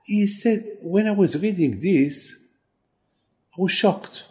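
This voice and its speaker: Slow, mellow-voiced man giving a sermon. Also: sits high. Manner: halting, repeats words, then rises animated with emphasis. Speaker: rabbi.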